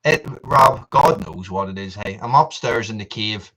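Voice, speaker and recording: A man's voice: fairly low pitch, normal speed, fairly bright tone, low-quality recording. A man hosting a casual live stream from an upstairs room at home, chatting to viewers in a rambling, self-mocking way while testing his microphones. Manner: rambling, self-mocking, restarts and laughs often. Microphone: testing camera mic and desk mic.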